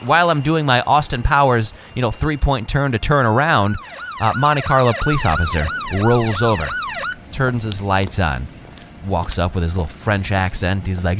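A man's voice: on the low side, expressive, moderate pace, a bit bright, slight background noise. Chatty jokey podcast host man. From Wisconsin. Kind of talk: casual monologue.

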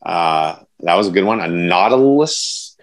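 A man's voice: low-pitched, lively intonation, unhurried. A man co-hosting a podcast, telling rambling, self-mocking stories in casual chat. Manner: rambling, self-deprecating storyteller. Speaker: podcast co-host.

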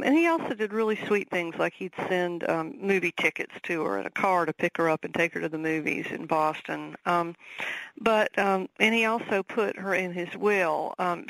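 A woman with a Southern accent, an author speaking as a radio guest, talking in a halting way with many ums and restarts. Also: lowish voice, creaky, a bit bright, dry recording, rough recording. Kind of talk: radio interview.

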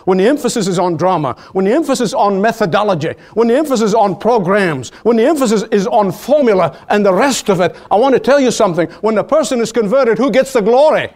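A man preaching a sermon in an emphatic, repetitive cadence, swinging from high exclamations to low, slow, solemn lines. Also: darkish tone.

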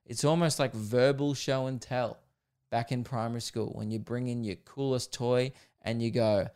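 An Australian man talks through his solo podcast in a loose, rambling, jokey way, full of fillers. His voice is smooth and clear, sitting at an ordinary middle pitch. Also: steady tone, normal speed, a little mellow. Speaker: podcast host. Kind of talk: casual solo podcast chat.

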